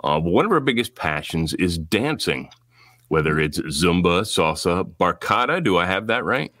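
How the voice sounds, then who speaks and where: A man with a notably deep, low voice hosts a casual podcast interview. He talks in a loose, rambling way and often pokes fun at himself. The sound is dry and close, with no room echo. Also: lively intonation, normal speed, a bit bright. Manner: chatty, rambling, self-mocking. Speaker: podcast host.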